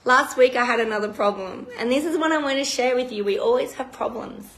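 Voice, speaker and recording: A woman's voice: fairly high pitch, brisk, gravelly, fairly bright tone. A woman hosting a live stream, talking emotionally and bluntly with heavy swearing. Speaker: retreat host. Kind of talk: live-streamed personal talk. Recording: roomy echo.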